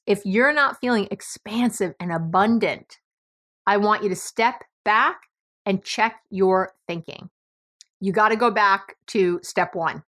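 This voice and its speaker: A middle-aged woman with a New York accent, originally from the city, hosts a podcast with a mid-range, fairly bright voice. She talks in a blunt, emphatic monologue, cursing freely throughout.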